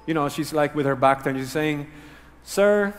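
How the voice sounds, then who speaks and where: A man preaching a sermon, earnest and teaching, dropping low and quiet to stress key words. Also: flat delivery, a little fast, long reverb tail, soft background music. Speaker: pastor.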